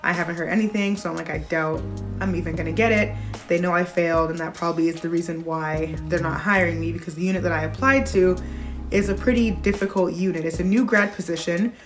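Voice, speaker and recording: A woman's voice: lowish voice, fast talker, faint music behind. A young woman in her twenties, a new nurse graduate, telling a personal story to camera in a casual vlog and acting out the voices she quotes. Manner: animated retelling, acts out quoted voices.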